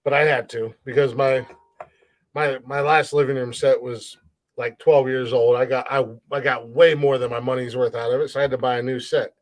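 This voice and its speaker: A man's voice: mid-range voice, level tone, normal speed. A man co-hosting a comedy podcast in loose casual chat, rambling and repeating words as he jokes around. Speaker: podcast co-host.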